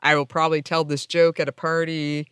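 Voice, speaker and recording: A woman's voice: sits low, little pitch movement, a bit bright, clear, resonant tone, no room sound, studio quality. A woman co-hosting a podcast, chatting casually over an internet call and giggling at jokes. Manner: giggly, drawn-out reactions. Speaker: podcast co-host. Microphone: home mic over internet call.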